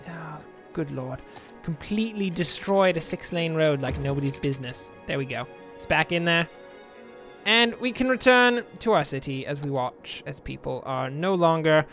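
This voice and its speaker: A man's voice: on the high side, fairly bright tone. A man giving casual, rambling commentary over a city-building game, with self-mocking asides. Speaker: let's play gamer.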